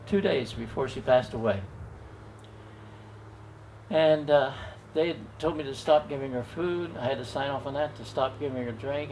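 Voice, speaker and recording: An older man telling a personal story at an open mic, gentle and folksy, chuckling now and then. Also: mid-range voice, a little hiss or hum.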